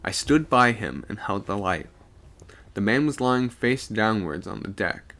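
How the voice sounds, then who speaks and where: Male storyteller, low gravelly voice with a bright edge, lively expressive reading of a spooky tale. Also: unhurried. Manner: expressive storyteller voicing each character. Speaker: streamer reading a ghost story.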